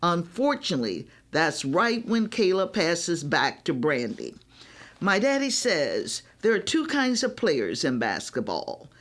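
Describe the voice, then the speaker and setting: A woman reading a children's novel aloud, telling it in the first person with an expressive delivery. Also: lowish voice, measured pace. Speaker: reader.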